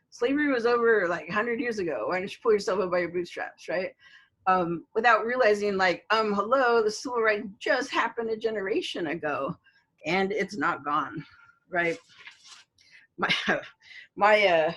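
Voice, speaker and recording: A woman's voice: mid-range voice, a bit bright, breathy edge, rough recording. A middle-aged woman, a college instructor, giving a recorded online lecture in a conversational way, with many fillers and storytelling asides.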